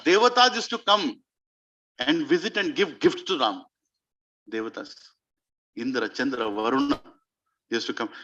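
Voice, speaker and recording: A man's voice: fairly high pitch, pushed and bright, highs cut off. A man telling a devotional story as a sermon to an audience in a community clubhouse. He speaks emphatically and keeps putting questions to his listeners. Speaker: spiritual speaker.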